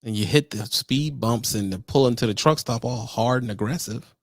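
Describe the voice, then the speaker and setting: Gravelly trucker dude ranting like a preacher, dry close sound, all slang and exasperation. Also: male voice, medium pitch, moderate pace, no room sound. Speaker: truck driver trainer. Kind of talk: casual vlog rant.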